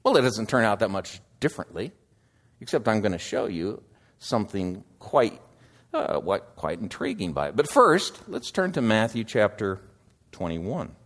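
A man preaching a sermon, slow and deliberate, swinging between loud emphasis and hushed asides. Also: on the low side, sing-song.

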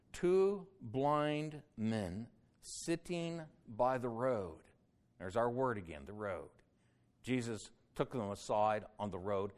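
In his verse-by-verse sermon on a Bible passage, the man booms out quoted cries, then turns quiet and slow when the point is solemn.

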